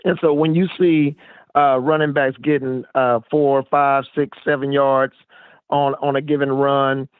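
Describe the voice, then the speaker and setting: Male caller from Fresno, mid-pitched, friendly, meandering, with a dry, narrow phone sound. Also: flat delivery, clean tone, dry recording. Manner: friendly, rambling, halting. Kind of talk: call-in sports talk. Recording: phone line.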